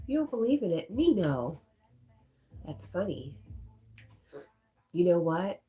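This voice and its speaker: Middle-aged woman, low voice, stuffy nose; casual stream host reading chat aloud. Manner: reads viewer comments aloud and chats back softly.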